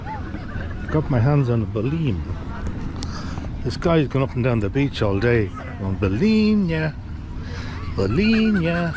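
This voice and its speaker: A man's voice: medium pitch, wildly swooping pitch, unhurried, long pauses, crowd noise. A middle-aged man with an Irish accent, vlogging to a handheld camera in an easygoing, rambling way with plenty of fillers. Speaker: travel vlogger. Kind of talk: casual chat to camera. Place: outdoors on a busy street. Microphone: handheld action camera. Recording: outdoor street noise behind.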